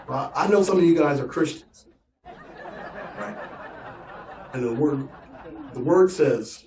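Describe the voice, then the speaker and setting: A man's voice: fairly high pitch, animated, takes it slowly, pauses often, dark tone. A male stand-up comedian telling a story in a conversational way, often repeating "right?" and "I'm just saying". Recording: echoey room, distant mic, faint noise.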